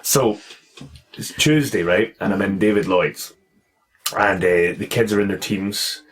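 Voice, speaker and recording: A man hosting a casual podcast, telling a story in an animated way, swearing freely and laughing as he goes. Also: low voice, a little slow. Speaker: podcast host and karate instructor.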